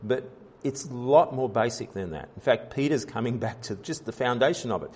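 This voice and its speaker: A man's voice: medium pitch, a little fast, darkish tone, slightly rough. A man preaching a sermon as pastor, in an earnest style with frequent fillers, restarts and rising emphasis.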